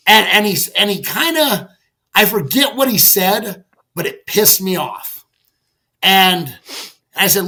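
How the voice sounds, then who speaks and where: A middle-aged man, a podcast guest, telling a story in a candid, animated way, with lots of "like" and casual swearing. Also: high-pitched, takes it slowly, long pauses. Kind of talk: conversational storytelling.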